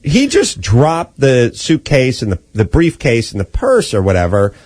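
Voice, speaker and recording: A man's voice: medium pitch, wildly swooping pitch, unhurried, darkish tone, no echo. A middle-aged man hosting a podcast, telling a casual story in a wry, profane way and acting out the voices of the people in it. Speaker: podcast host.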